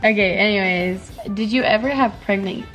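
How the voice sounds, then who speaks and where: A woman's voice: mid-range voice, normal speed, a bit bright, soft background music. A teenage girl vlogging from a parked car in a garage, asking her mother questions with giggles and playful teasing. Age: teens. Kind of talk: casual vlog chat.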